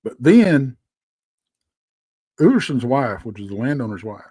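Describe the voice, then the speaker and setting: A man with a Texan accent, telling a story as a guest, rambling and halting with lots of fillers. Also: medium pitch, very animated, dark tone, slightly rough, dry recording. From Texas. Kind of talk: casual storytelling.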